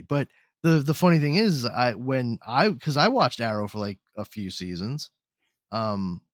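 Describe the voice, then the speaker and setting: A man's voice: medium pitch, a little slow, dry recording, clean studio sound. A man hosting a podcast in casual chat, rambling and swearing freely. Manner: rambling, profane, animated. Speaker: podcast host.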